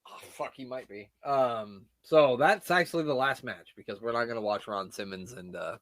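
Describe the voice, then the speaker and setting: A male podcast co-host chats casually about an old wrestling show, joking around playfully and laughing often. His voice is mid-range and a bit bright, at a moderate pace, with no echo.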